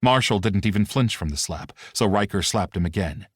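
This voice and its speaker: A man giving steady, expressive scripted audiobook narration. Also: fairly low pitch, a little fast, no echo, studio quality.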